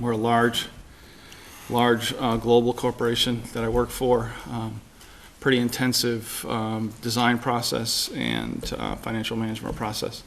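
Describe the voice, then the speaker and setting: A man in his forties answers a council's questions in a businesslike way, punctuated by filler words. His voice sits at an ordinary pitch, with a little faint noise in the background. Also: vocal fry. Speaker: board appointee. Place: city council chamber.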